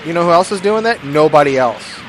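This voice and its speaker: A man giving rambling, jokey gameplay commentary, with sudden loud bursts of excitement. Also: a little high, brisk. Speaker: gaming YouTuber. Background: game music.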